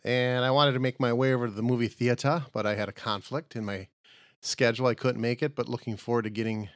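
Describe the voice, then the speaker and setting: A man's voice: medium pitch, dry recording, clean studio sound. A man co-hosting a comedy podcast, talking in a rambling, jokey, easygoing way and drifting into playful tangents. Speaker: podcast co-host.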